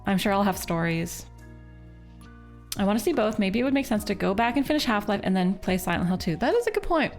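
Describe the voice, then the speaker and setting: A woman's voice: mid-range voice, expressive, a little fast. A young woman from Canada, a livestreamer and parent, chatting casually with her chat in a rambling way, full of fillers and restarts. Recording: faint music behind voice.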